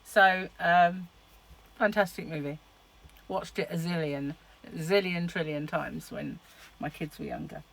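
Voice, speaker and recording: A woman's voice: sits low, a little slow, creaky, fairly bright tone, a little hiss or hum, low-quality recording. Chatty middle-aged woman vlogging. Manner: chatty, rambling, laughs often. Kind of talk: casual chat to camera.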